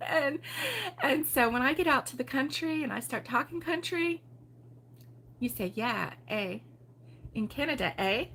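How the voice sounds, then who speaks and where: A woman's voice: a little high, bright, forceful tone, slight background noise. An older woman from Baltimore hosting a casual crochet livestream, chatty and giggly, rambling with lots of ums. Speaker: crochet show host.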